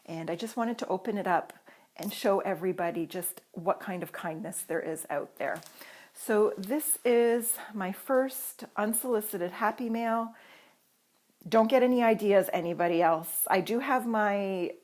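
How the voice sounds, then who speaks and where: Woman, from Canada, vlogger, excitable, gushing, casual chat, camera on a tripod. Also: mid-range voice, unhurried.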